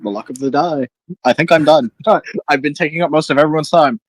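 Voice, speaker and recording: Man, husky and animated, calm tabletop player, dry close sound. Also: a little high, fairly quick, no echo. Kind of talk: in-character tabletop role-play.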